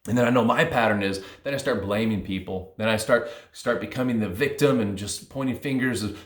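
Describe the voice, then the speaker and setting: A man's voice: lowish voice, brisk. A man giving an earnest, conversational motivational talk, often restarting his sentences. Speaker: motivational speaker. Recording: roomy echo.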